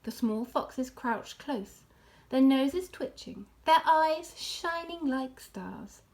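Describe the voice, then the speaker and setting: Animated woman reading a children's book. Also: sits high, takes it slowly. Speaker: storyteller. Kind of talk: children's book read aloud.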